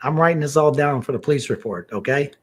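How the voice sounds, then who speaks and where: A man's voice: fairly high pitch, fast talker, husky. A man on a video call telling a comic story, playing both sides of a phone call in an exasperated way. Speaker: comedian contestant. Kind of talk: stand-up storytelling. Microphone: video call mic.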